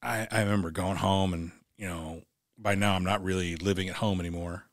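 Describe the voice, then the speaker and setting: A lowish-pitched man in his forties tells a personal story as a podcast guest. His voice is halting and often doubles back over words. The sound is close and dry, with no room echo. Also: fairly even intonation. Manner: halting, repeats words when emotional. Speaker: podcast guest, military veteran.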